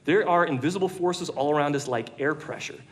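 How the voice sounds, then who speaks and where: A male preacher tells the story to a full church room in a conversational, jokey sermon. His voice sits a little higher than most men's, and he keeps it animated and playful. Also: fairly quick. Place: large church room with an audience.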